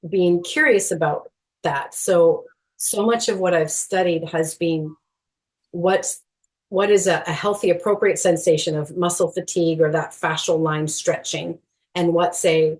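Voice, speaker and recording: A middle-aged woman speaking as a guest in a podcast interview, earnest and animated, with frequent small laughs and fillers. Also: fairly low pitch, a little slow. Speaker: guest, movement educator.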